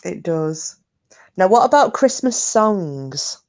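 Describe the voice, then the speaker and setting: A woman's voice: lowish voice, very animated, takes it slowly. Woman, stream host, chatty, swears, laughs at herself. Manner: chatty, swears freely, self-mocking. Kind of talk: casual chat and storytelling with viewers.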